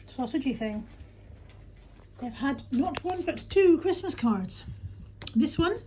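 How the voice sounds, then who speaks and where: A woman's voice: high voice, dark tone, slight background noise. A woman from England chatting casually to camera as a vlogger, self-mocking and muttering to herself as she goes through her post.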